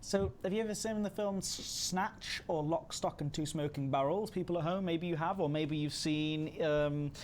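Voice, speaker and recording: A man's voice: fairly high pitch, normal speed, few pauses, a little mellow, a little hiss or hum. A man hosting a casual livestream, chatty and self-deprecating, reading chat messages aloud. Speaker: livestream host.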